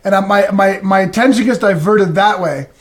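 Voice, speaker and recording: A man co-hosting a podcast, telling funny stories in a casual, animated and profane way. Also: high voice, moderate pace. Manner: animated, profane, self-mocking storyteller. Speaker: podcast co-host. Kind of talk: casual storytelling chat.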